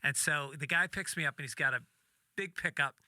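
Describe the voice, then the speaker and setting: A man, a comedian, telling a story in casual talk, animated and acting out the voices of the people in it, with some swearing. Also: fairly high pitch, fairly quick, no room sound, studio quality. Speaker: podcast guest, comedian.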